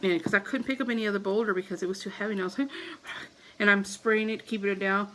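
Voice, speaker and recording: A woman's voice: mid-range voice, fairly even intonation, fast talker, a bit bright, a little hiss or hum, low-quality recording. A woman in her thirties telling a story casually to camera as a vlogger, acting out her own panicked reactions.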